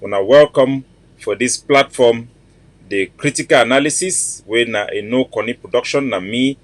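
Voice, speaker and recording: A man's voice: medium pitch, normal speed, no room sound, rough recording. Man with Cameroonian Pidgin accent, declaiming. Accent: Cameroonian Pidgin English. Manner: formal declamatory delivery, piling up titles. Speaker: host of a political broadcast. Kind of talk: address to listeners.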